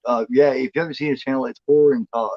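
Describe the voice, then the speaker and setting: A man's voice: medium pitch, steady tone, very fast, dry recording, lo-fi sound. A man co-hosting a horror movie chat show, rambling and swearing freely in casual talk. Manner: rambling, swears freely, voices the cat in a playful drawl.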